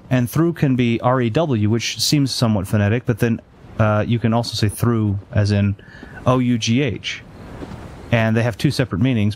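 Rambling through a casual gameplay chat, this let's play host keeps drifting onto tangents and filling gaps with ums and uhs. He has a lowish, darkish voice, and there's a little hiss or hum.

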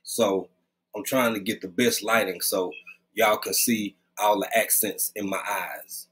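Leaning close to a webcam at home, a man hosts a relaxed live stream and welcomes viewers by name conversationally. His voice sits on the low side with fairly even intonation and a fairly bright tone, a little slow, with slight background noise.

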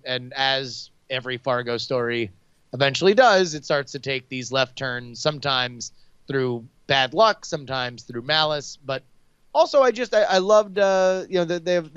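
Man podcast co-host, smooth and clear voice, hesitant, dry dull sound. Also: fairly high pitch, animated, normal speed, no echo. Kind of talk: casual chat.

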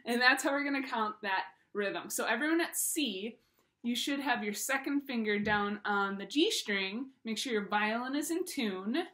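A woman with a fairly high voice leads a violin lesson for her students. She talks in a playful, encouraging teacher's manner and explains things step by step. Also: lively intonation, moderate pace, bright, forceful tone. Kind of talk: recorded music lesson for students.

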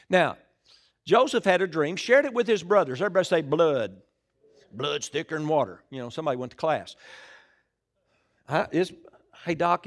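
A middle-aged man preaching a sermon in church, calling out to the congregation and swinging between loud bursts and hushed asides. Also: fairly high pitch. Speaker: pastor. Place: church sanctuary.

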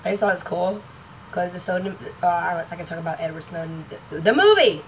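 A middle-aged woman chatting in a rambling, excitable way on her home vlog, laughing often and trailing off mid-thought. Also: on the low side, fairly quick. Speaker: YouTuber. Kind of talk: rambling casual vlog chat. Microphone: laptop webcam mic. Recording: distant mic, faint room noise.

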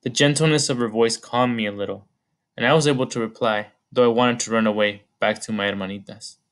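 A man narrating an audiobook chapter in a measured storytelling manner. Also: medium pitch, steady tone. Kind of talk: scripted narration.

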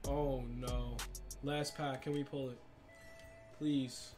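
A young man commenting on a sports video game, hyped and slangy, swinging from shouts to mutters. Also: medium pitch, little pitch movement, takes it slowly, over music. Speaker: gaming YouTuber.

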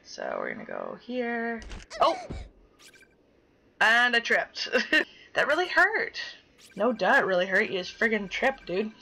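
A woman's voice: fairly high pitch, wildly swooping pitch, a little slow, creaky, pauses often, pushed and bright, a little hiss or hum, poor audio. A young woman playing a game and reading its dialogue aloud, chatty and dramatic, swearing casually as she reacts. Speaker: gaming YouTuber.

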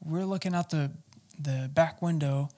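Halting man telling his life story. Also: on the high side, dark tone. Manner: halting, rambling, many fillers and restarts. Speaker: guest. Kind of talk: personal testimony in casual interview.

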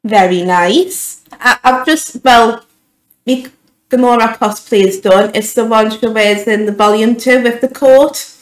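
A woman's voice: on the high side, measured pace, roomy sound, rough recording. A young woman giving an emotional, gushing reaction to a film trailer, stumbling over her words as a YouTube vlogger. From United Kingdom.

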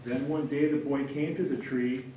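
Male reader, steady story narration, caught from afar in a reverberant room. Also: medium pitch, moderate pace, muffled recording, a little hiss or hum. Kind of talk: storybook narration read aloud. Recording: echoey room from far off.

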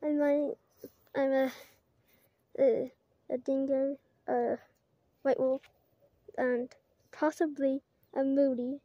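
A woman's voice: high-pitched, level tone, slow pace, pauses often, no echo, lo-fi sound. A woman vlogging outdoors while climbing, rambling with many fillers and giggles, putting on a mock British-Australian accent. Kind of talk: casual rambling vlog.

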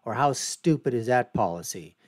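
A man's voice: mid-range voice, expressive, moderate pace, darkish tone, dry recording. A man hosting his own show, giving scornful, ranting commentary over news footage. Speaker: show host.

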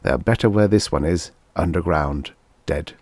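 A man's voice: deep voice, moderate pace, a little mellow, dry recording. A man reading the part of a blustering, zealous male passenger who talks in a snappish, contemptuous way. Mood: scornful.

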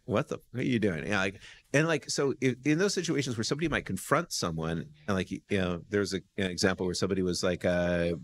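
Deep-voiced American man, rambling storyteller. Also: fast talker. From United States. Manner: rambling, full of "you know" and restarts; animated storyteller. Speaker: guest, lawyer. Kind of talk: casual podcast conversation.

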